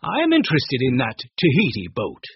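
A man reading a storybook, voicing a kind, knowledgeable old grandfather who explains things calmly. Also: medium pitch, a little fast, slightly rough, no echo, full character voice. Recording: dull lo-fi dry recording.

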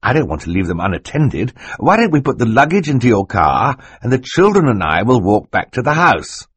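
A man's voice: mid-range voice, big pitch swings, brisk, a bit bright, slightly rough, no echo, pitched above the performer's own voice. A man reading an audiobook voices a fussy, well-meaning middle-aged banker who talks in a polite, flustered way.

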